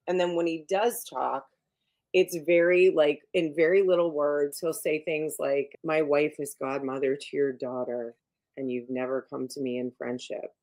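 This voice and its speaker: A woman's voice: low-pitched, a little mellow. A middle-aged woman executive coach, a guest on a podcast, who talks emphatically with many fillers and restarts. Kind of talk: podcast interview.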